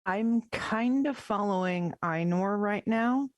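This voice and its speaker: A woman playing a tabletop game, calmly saying what her character does. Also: mid-range voice, takes it slowly, dry recording, lo-fi sound. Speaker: player.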